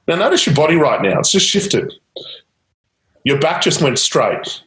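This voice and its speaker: A man's voice: a little high, very animated, unhurried, fairly bright tone, reverberant, rough recording. A man leading a live coaching demonstration, guiding a client with repeated prompts and light laughter. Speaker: change-technique coach.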